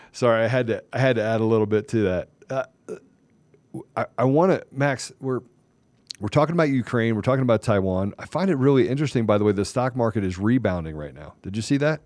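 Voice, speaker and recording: A man's voice: mid-range voice, expressive, brisk, a little mellow, dry recording. A man hosting a talk show, talking in a heated, emphatic ranting way. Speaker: show host. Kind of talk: casual political talk show chat.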